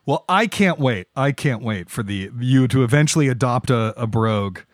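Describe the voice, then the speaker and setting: A man hosting a podcast, chatting casually and playfully with quick jokes. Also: mid-range voice, expressive, dry recording, studio quality. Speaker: podcast host. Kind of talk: casual chat.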